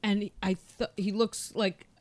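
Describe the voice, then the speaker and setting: A woman as a guest, telling personal stories in a lively, animated way, often laughing. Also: mid-range voice, moderate pace, dry recording. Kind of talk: casual storytelling.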